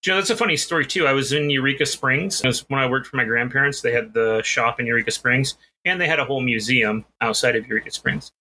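A man's voice: medium pitch, fast talker, bright, forceful tone. A man co-hosting a podcast, telling a rambling, self-deprecating story in casual chat. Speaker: podcast co-host.

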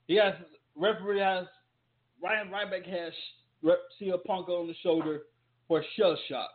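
A man's voice: sits high, steady tone, unhurried. A man hosting a casual wrestling talk, emphatic and loose, with repeated rhetorical questions. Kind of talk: casual commentary with ad reads. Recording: tinny phone-like audio.

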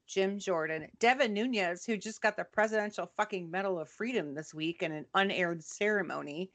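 A woman's voice: medium pitch, a bit bright. Woman, forties, furious, blunt, swears a lot, heated political chat. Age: 40s. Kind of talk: angry casual political chat.

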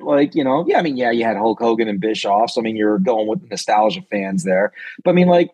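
Husky male co-host, laid-back analytical wrestling chat, dry sound. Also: medium pitch, animated, brisk, a little mellow, dry recording, poor audio. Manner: laid-back, analytical, many "I mean" fillers. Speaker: podcast co-host.

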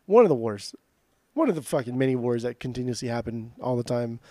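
A man's voice: mid-range voice, animated, fairly quick, dark tone, dry recording, studio quality. A man co-hosting a podcast, chatting casually about music with lots of "dude" and "like", loose and swearing. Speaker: podcast co-host.

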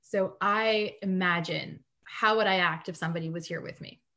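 A woman in a casual live-streamed chat, giving practical parenting advice with quick laughs. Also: lowish voice, steady tone, pushed and bright. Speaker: guest parenting coach.

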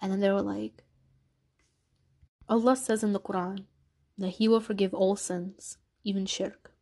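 A woman's voice: medium pitch, moderate pace, a little mellow. A woman hosting a podcast, telling a personal story in an earnest, confessional way and acting out the conversations she recalls. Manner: earnest, confessional, reenacts dialogue. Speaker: podcast host.

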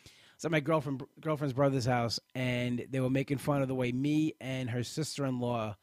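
Male podcast host, casual rambling delivery, mid pitch, dry close mic. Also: steady tone, moderate pace, darkish tone, no echo. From Italian-American family. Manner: rambling, frequent restarts and fillers. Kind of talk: casual live podcast chat.

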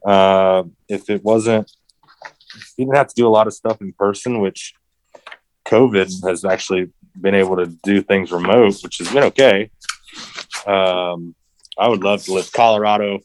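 A man's voice: lowish voice, steady tone, moderate pace, a little hiss or hum, poor audio. A man in a casual interview who tells a story with animation, acts out quotes and swears freely. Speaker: interview guest, racing driver.

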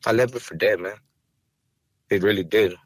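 A man's voice: on the low side, moderate pace, no room sound. A man, speaking raw and profane in an emotional podcast interview. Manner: raw, angry, profane, rising to heated outbursts. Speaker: rapper and podcast guest. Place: podcast studio.

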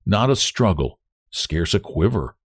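A man reading a story aloud as narrator, in an expressive, dramatic manner. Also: sits low, unhurried, breathy edge, dry recording, studio quality. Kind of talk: scripted narration.

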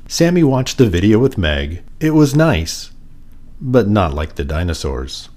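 Male storyteller, low voice that swings widely, sing-song picture book reading. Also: big pitch swings, measured pace, darkish tone. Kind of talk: children's picture book read-aloud.

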